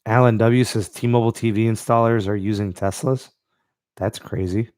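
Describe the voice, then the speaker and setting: A man's voice: fairly low pitch, fairly even intonation, moderate pace, a little mellow, clean tone, no room sound, clean studio sound. A man hosting a live-stream podcast in a laid-back way, reading out and answering the live chat with plenty of fillers. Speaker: podcast host.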